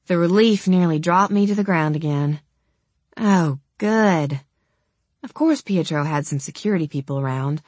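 A woman's voice: lowish voice, normal speed, a little mellow, no echo. A woman narrating an audiobook in the first person, in a wry, conversational and casually profane manner.

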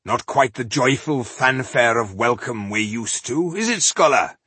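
A man voicing a calm male dwarf scholar who leads the group in a matter-of-fact, decisive way. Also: medium pitch, unhurried, husky, no echo, exaggerated voice. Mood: dry.

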